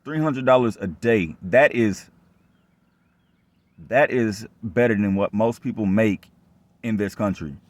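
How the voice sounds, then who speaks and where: Low-voiced young man ranting. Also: measured pace, pauses often, no room sound. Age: young adult. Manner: rambling and repetitive, heavy profanity; aggrieved, distrustful tone. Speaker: vlogger telling his own story. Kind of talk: casual rant monologue.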